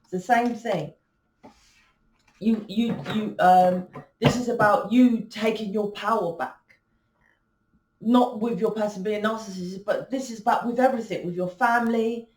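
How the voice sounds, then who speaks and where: A woman's voice: mid-range voice, fairly even intonation, normal speed, a little mellow, roomy sound, a little hiss or hum. A woman hosting a spiritual channel, talking casually and rambling with many restarts and fillers. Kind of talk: casual spiritual talk to camera.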